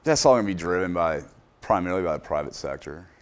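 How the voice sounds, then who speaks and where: Very low-pitched man, middle-aged, hesitant, interview guest. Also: lively intonation, smooth. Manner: unhurried, hesitant, many fillers and restarts. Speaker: business owner, interview guest. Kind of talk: casual interview answers.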